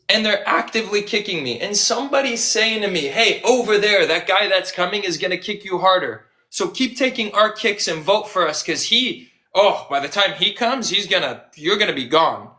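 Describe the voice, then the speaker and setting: A male activist with a bright, tense edge talks with biting sarcasm. He slips into other people's voices to quote them, mocking the arguments he keeps hearing. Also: on the high side. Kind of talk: impassioned conversational storytelling.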